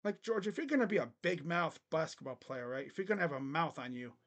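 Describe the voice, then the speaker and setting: Loud, crude young sports fan man. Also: a little high, animated, fast. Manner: blunt, crude joking with loud bursts. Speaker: sports channel host. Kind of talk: casual live game reaction. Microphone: webcam setup.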